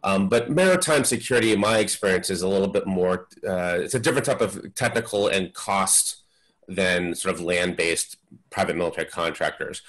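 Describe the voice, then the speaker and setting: Deep-voiced man answering as a panel expert. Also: normal speed, a bit bright, rough recording. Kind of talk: webinar panel discussion.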